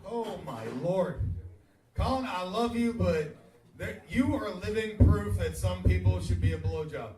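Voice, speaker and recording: A man's voice: high-pitched, measured pace, a little mellow, soft background music. A man opening a stand-up set in a tavern by wryly teasing the comic who went on before him. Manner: wry, teasing the previous act. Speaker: stand-up comedian. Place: small tavern stage, live audience. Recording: echoey bar from far off.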